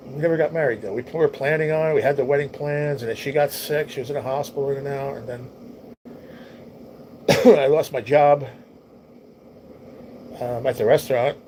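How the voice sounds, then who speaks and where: A man's voice: medium pitch, steady tone, moderate pace, long pauses, a little mellow, slight background noise, rough recording. A man hosting a livestream, telling a personal story in a rambling, heartfelt way and swearing often. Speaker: livestream host. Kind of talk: casual storytelling to a live chat.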